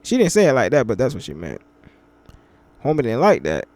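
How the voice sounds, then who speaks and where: A young man hosting a commentary channel gives casual reaction commentary in laid-back slang, his medium-pitched voice captured dry through a headset mic. He slows down to read scripture verses aloud.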